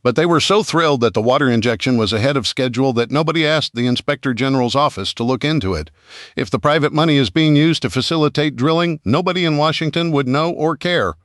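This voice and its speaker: A man's voice: medium pitch, fast, no echo, pitched above the performer's own voice, lightly acted. A sarcastic young woman scientist grumbles her complaints in a dry, sour tone. A man puts her on for an audiobook, lifting his voice above his own. The sound is close and dead. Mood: indignant. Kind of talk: audiobook character voice.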